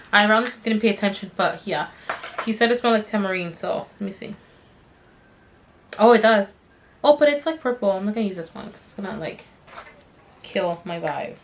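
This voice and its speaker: A woman's voice: medium pitch, lively intonation, a little fast, a bit bright, a little hiss or hum. A young adult woman vlogger telling a story in a chatty, rambling way with many fillers while doing her makeup. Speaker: beauty vlogger.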